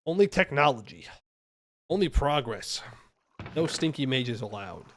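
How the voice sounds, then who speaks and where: A man's voice: mid-range voice, very animated, unhurried, slight background noise. A man streaming a game live, chatting and joking with his viewers in a playful, mock-defensive way. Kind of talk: casual live-stream commentary while playing.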